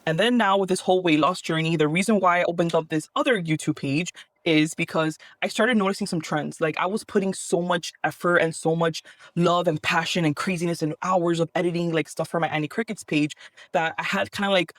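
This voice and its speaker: A woman's voice: on the low side, a little fast, no room sound. A woman craft content creator talking to camera in a casual vlog, chatty and open, rambling a little as she goes.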